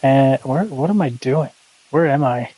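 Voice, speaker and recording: Young man, gaming streamer, rambling casual commentary, mid-pitched voice. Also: measured pace, warm tone, slightly rough, poor audio. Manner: rambling, laid-back, swears casually. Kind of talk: casual live gameplay commentary.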